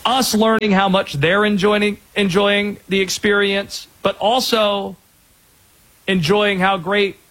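A man hosting sports talk radio, energetic and opinionated, with quick asides. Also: sits high, rough recording.

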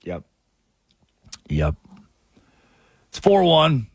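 A man hosting a sports talk radio show, delivering a sarcastic, animated monologue on a studio microphone. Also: very slow, heavy background noise. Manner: sarcastic and animated, with sudden jumps in pitch.

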